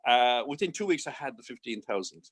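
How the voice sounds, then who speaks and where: Older Irish man, interview guest, mid-range voice, animated storyteller who acts out dialogue. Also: medium pitch, a little fast, breathy edge. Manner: lively anecdotal, acts out quoted dialogue, chuckles often.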